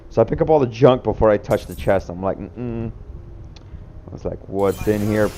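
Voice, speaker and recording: A man's voice: fairly low pitch, animated, fast talker, very noisy. A young man casually commentating on his own gameplay clips, rambling and swearing with lots of filler words. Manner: rambling, profane, laid-back, heavy on filler words.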